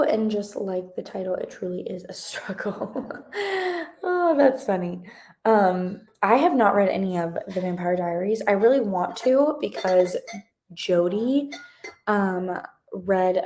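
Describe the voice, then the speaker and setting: A woman's voice: medium pitch, dark tone. A young woman in her twenties hosting a live reading stream, chatting casually and answering comments in a bubbly, rambling way. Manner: bubbly and chatty, reading chat comments aloud, many fillers. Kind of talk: casual livestream chat.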